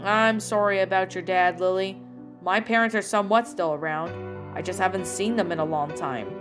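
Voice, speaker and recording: Kind calm pirate captain guy, as a woman reads him, soft caring tone, faint music. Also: fairly high pitch, moderate pace, lightly acted. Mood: gentle. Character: friendly gentle young pirate captain, man. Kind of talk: reading fan fiction aloud.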